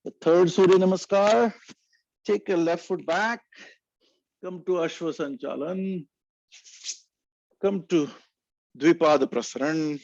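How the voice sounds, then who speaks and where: A man leading a yoga class, calmly cueing breath and poses and chanting short mantras. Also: a little high, slow pace, vocal fry, long pauses, dry recording, lo-fi sound. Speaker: yoga instructor. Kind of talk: guided yoga instruction.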